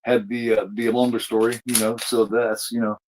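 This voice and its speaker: A man's voice: medium pitch, flat delivery, moderate pace, a little hiss or hum, rough recording. A man hosting a podcast, retelling a TV episode in a casual, rambling way full of fillers and restarts. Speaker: podcast host. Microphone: streamed podcast mic.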